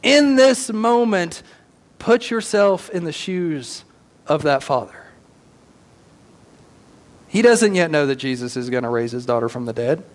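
A male pastor preaching a sermon as animated storytelling with casual slang. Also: mid-range voice, unhurried, long pauses, long reverb tail.

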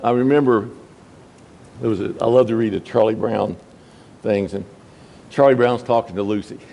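A middle-aged man, a Baptist pastor, preaching a sermon and swinging between quiet low passages and high, emphatic peaks. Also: fairly even intonation, normal speed, creaky, poor audio.

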